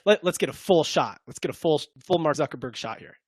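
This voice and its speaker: A man's voice: on the high side, expressive, brisk, darkish tone, husky, no room sound, studio quality. A young man co-hosting a sports podcast, joking casually while reacting to clips. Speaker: podcast co-host.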